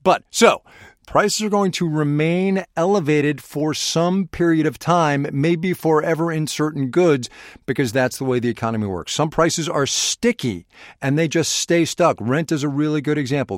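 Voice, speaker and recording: A man hosting a radio show, explaining economics in plain terms with quick, bantering asides. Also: a little high, no room sound, clean studio sound. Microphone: studio microphone.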